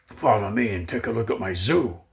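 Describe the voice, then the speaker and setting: A man voicing a scruffy, streetwise male panhandler with a flat, matter-of-fact delivery, a little lower than his own voice. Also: a little fast, vocal fry. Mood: deadpan.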